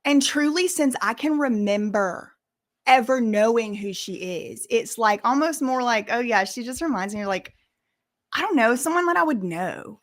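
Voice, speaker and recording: A young woman hosting a casual commentary channel, talking straight to viewers in an animated, emphatic way and using y'all and casual slang. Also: fairly high pitch.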